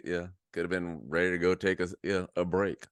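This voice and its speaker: A man's voice: low-pitched, little pitch movement, brisk, clear, resonant tone, no echo. A man co-hosting a radio talk show, chiming in with short agreeing quips. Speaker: radio co-host. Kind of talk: casual radio chat.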